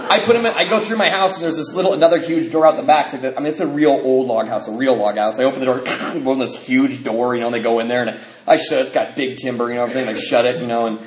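A man sharing his recovery story with a meeting, lively, acting out what people said and laughing often. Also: mid-range voice, rapid-fire, few pauses. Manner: animated, acts out quoted dialogue, laughs often. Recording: echoey room, faint noise.

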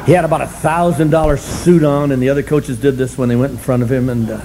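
Animated older man telling stories. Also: fast talker, background noise. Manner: animated, self-mocking, emphatic, swings from loud bursts to low asides. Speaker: speaker sharing his story at a recovery meeting. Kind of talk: humorous storytelling talk.

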